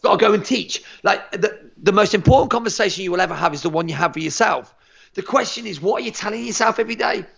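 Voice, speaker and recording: Guy on a podcast, super gravelly, high for a man, fired up and swearing, stumbles over his words. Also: fast. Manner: energetic, emphatic, swears freely, stumbles and repeats words. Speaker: martial arts instructor, podcast guest. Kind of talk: motivational podcast chat.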